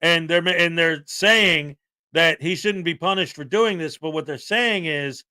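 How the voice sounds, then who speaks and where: A male co-host chatting casually and giving his opinions as he explains a case. His voice sits a bit high with a bright, forceful edge. The sound is dry and close. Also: unhurried, clean tone, dry recording. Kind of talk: casual commentary chat.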